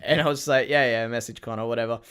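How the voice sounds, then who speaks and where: A young man co-hosting a podcast, telling stories in a giggly, animated casual chat. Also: medium pitch, racing, clean tone. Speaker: podcast co-host.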